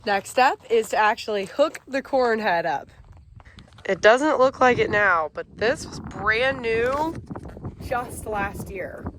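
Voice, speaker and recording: An American woman, a farmer who vlogs, walks through her harvest equipment in casual narration, sounding upbeat and amused. Her voice is a little high and fairly bright, with lively intonation and a slow pace. She's outdoors on the farm, and vehicle and machinery noise comes through clearly.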